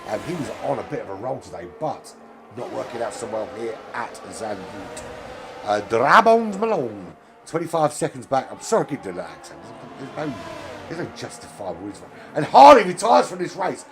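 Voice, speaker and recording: A man with a fairly low voice delivers chatty, filler-heavy commentary on an online sim race at a slightly fast pace, rising to excited calls on overtakes. Music plays underneath, and there's background noise.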